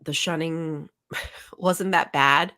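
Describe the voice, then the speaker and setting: A woman's voice: low-pitched, fairly even intonation, very slow, sharp tone. A woman co-hosting a casual podcast, chatting with frequent "like" and "um" fillers. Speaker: podcast co-host.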